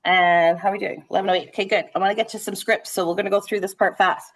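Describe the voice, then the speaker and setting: A woman real estate trainer leading a live sales training session, talking fast and animated, checking in with "right?" as she goes. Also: medium pitch. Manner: conversational, frequent "right?" checks.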